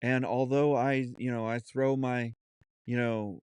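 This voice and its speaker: A man hosting his own podcast, talking off the cuff in an earnest, halting way with many restarts and fillers, and a Southern US accent. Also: medium pitch, steady tone, darkish tone, smooth, dry recording. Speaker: podcast host. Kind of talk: unscripted solo podcast talk.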